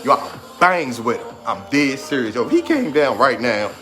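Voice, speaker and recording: His voice is medium in pitch, a bit bright and animated, at a normal speed. He's a man in his 30s giving an insistent, repetitive motivational talk while trying not to cry, with music behind him.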